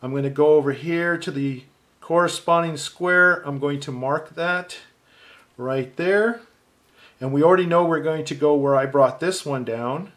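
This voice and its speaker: Man calmly walking through a drawing lesson. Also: fairly high pitch, measured pace. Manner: calm, thinking aloud while drawing. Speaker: art teacher. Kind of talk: step-by-step drawing tutorial.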